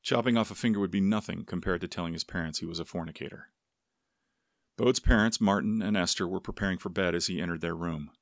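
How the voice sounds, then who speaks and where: A man narrating a story aloud in a steady, unhurried manner. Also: low-pitched, dry recording, clean studio sound. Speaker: audiobook narrator. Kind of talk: scripted narration.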